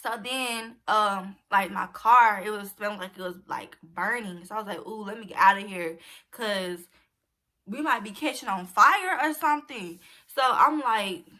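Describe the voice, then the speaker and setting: Speaking at a measured pace, a young woman shares a personal story with her viewers, chatting casually and calling them "y'all" as a vlogger. Her voice is medium-pitched, pushed, and bright.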